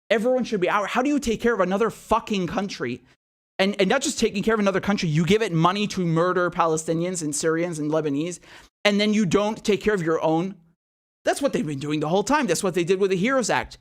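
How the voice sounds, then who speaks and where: A man hosting a political commentary show, ranting in outrage with rapid rhetorical questions and frequent swearing. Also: high voice. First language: not American.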